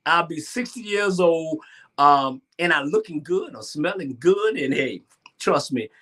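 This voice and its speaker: A man in his sixties from Georgia with a Southern accent, hosting a talk show and chatting in a lively, boastful way. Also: on the high side, unhurried. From Savannah, Georgia, US. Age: 60s. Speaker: host. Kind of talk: animated solo talk show monologue.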